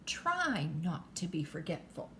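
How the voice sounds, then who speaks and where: Older woman, grandmother, bedtime story reading, slow, lively intonation, chatty asides. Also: lowish voice, a little hiss or hum. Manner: chatty asides to the child listening.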